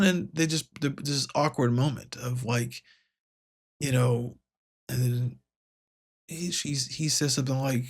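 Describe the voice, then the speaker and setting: This man hosts a comics podcast and reviews a comic book in a loose, rambling way, with frequent fillers and restarts. He speaks unhurriedly in a mid-range voice with fairly even intonation, raising it lightly when paraphrasing dialogue.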